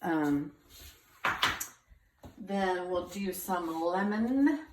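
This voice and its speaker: A woman's voice: on the low side, very slow, background noise. A woman hosting a casual home cooking demonstration, chatting as she works and wheezing and coughing now and then. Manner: chatty, relaxed, thinks aloud. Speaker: cooking show host. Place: home kitchen. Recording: kitchen clatter behind.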